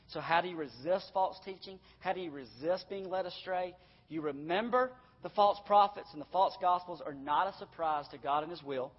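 A man's voice: high voice, moderate pace, a little hiss or hum. A man in his thirties preaching a sermon as pastor, repeating phrases and rising to emphatic, urgent pleading. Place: church hall. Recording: echoey hall, dull lo-fi sound.

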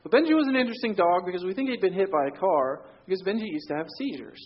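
Male pastor, relaxed storytelling sermon, fairly high voice, muted lo-fi sound. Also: quick pace, husky. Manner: conversational storytelling, drops to quiet for emphasis.

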